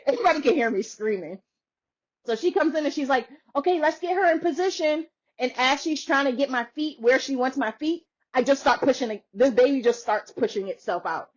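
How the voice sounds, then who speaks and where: A woman podcaster in a casual chat, telling a story with lots of laughter and acting out what others said. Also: high-pitched. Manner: animated, laughs often, acts out quoted voices. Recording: dull lo-fi sound.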